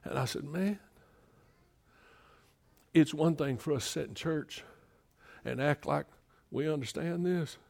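Man, middle-aged pastor, sermon, builds loud then drops to a hush. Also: on the high side, measured pace, creaky, long pauses. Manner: swings between loud, emphatic preaching and quiet storytelling.

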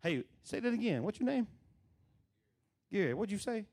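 A man delivers a conversational sermon, pausing to quiz the congregation directly. His speaking voice sits a little higher than most men's, and he acts out the voices he quotes. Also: sing-song, darkish tone, husky. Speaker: preacher.

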